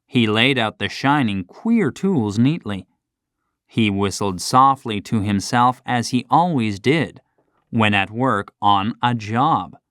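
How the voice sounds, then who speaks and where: A man narrating a classic short story for children in a slow, expressive scripted reading. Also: on the low side, no echo, clean studio sound.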